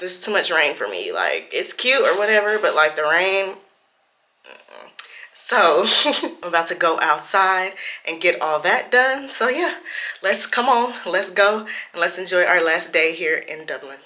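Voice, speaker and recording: A woman's voice: lowish voice, pushed and bright, no room sound. A woman travel vlogger talking in a casual, chatty, slangy way. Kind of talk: casual vlog chat.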